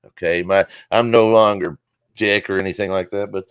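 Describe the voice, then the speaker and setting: A man with a lowish voice spins a long, rambling joke story, cursing freely and piling on asides. The sound is dry and close, with little room around it. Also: normal speed, smooth, dry recording. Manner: rambling, profane, animated storyteller. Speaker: guest comedian. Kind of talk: casual comedic storytelling.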